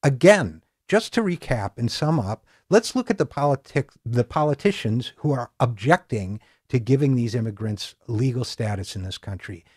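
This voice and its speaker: A middle-aged man hosts a political commentary show and reads a scripted monologue. His tone is sarcastic and mocking. His voice sits at an ordinary middle pitch, and the recording is dry and close. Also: lively intonation, moderate pace, few pauses, darkish tone, husky, no echo. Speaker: political talk show host.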